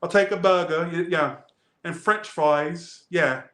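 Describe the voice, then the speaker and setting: A man's voice: fairly high pitch, measured pace, fairly bright tone, reverberant. A man putting on a fumbling fake-posh Londoner. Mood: mock-posh. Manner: hesitant, fumbling, mock-posh. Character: man faking a fancy London accent, ordering fast food.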